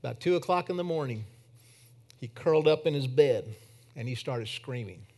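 A man preaching a sermon in church, telling a personal story that swings from emphatic to hushed. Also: medium pitch, expressive, moderate pace.

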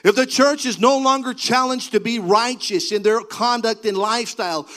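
A man preaching a sermon, building to fervent, half-sung cries, then dropping to a low, earnest delivery. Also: moderate pace, low-quality recording. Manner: preaching with rising, shouted fervor. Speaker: pastor.

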